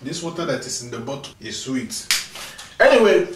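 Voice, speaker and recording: A tired man teaching vocabulary in a casual video lesson, repeating each word slowly for pronunciation and chatting between drills. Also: medium pitch, big pitch swings, recorded from a distance, very noisy. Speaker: language teacher. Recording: echoey room, mic set back.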